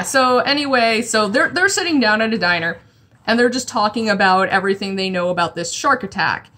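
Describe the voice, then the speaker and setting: A woman's voice: mid-range voice, sharp tone. A woman chatting casually about a comic while drawing, rambling with lots of restarts. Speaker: comic art vlogger.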